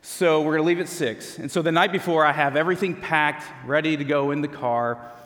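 A man's voice: on the high side, a little fast, fairly bright tone. A man, a pastor, telling a humorous personal story in a conversational sermon. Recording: long hall reverb.

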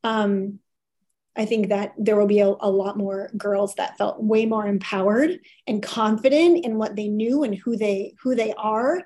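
A woman's voice: mid-range voice, a little slow, warm tone. A woman being interviewed as a company CEO, talking candidly and emphatically and laughing easily. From farming family. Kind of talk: casual interview chat.

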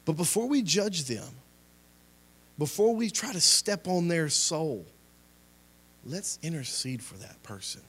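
A young adult man with a fairly high, expressive, a bit bright and slightly rough voice preaches a sermon and leads a closing prayer. He speaks a little slowly and pauses often, impassioned, his volume swelling and dropping as he repeats exhortations.

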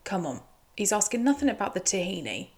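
A woman's voice: mid-range voice, very animated, a little fast, creaky, darkish tone, husky. A woman giving a chatty, teasing recap commentary. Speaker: show recap host.

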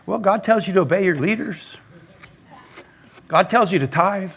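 A male pastor preaching a lively sermon in a church, talking straight to the congregation. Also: high-pitched, normal speed, gravelly, long pauses, breathy edge. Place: church sanctuary.

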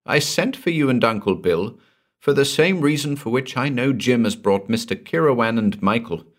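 A man's voice: medium pitch, lively intonation, moderate pace, voice pushed up, natural voice. A man voicing a frightened young married woman who speaks in a strained, anxious voice.

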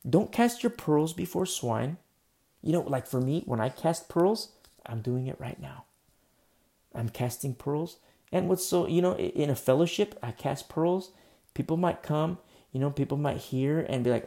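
Male pastor, casual rambling sermon, gravelly and mellow. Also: medium pitch, normal speed. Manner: casual, rambling, many fillers and restarts. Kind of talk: conversational sermon.

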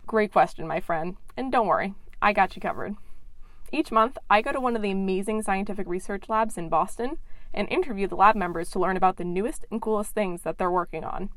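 A young adult woman hosting a science podcast, reading a scripted intro in a playful, excitable, self-mocking way. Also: mid-range voice, fairly quick, no room sound. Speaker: podcast host.

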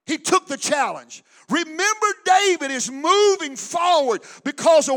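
A male pastor preaching a fiery sermon, shouting and then dropping to quiet. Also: very high-pitched, expressive, a little slow, hardly any pauses. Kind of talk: Pentecostal sermon.

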